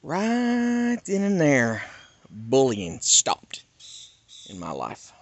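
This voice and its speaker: A middle-aged man from North Carolina, telling a personal story in an animated, emphatic rant. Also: medium pitch, drawn-out words, no room sound. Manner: animated, emphatic, swings between loud and hushed. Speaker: YouTuber.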